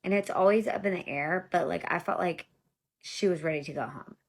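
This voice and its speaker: A woman in her thirties speaks briskly in a fairly low, husky voice. Addressing viewers as y'all, she tells her own story in a casual monologue, exasperated, blunt, and profane.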